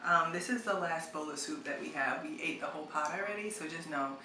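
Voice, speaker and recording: A woman's voice: low-pitched, a little fast, pushed and bright. A woman chatting loosely on camera at home, heavy on fillers and slang. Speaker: cooking vlogger. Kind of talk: casual on-camera chat. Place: home, eating soup. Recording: echoey room with background noise.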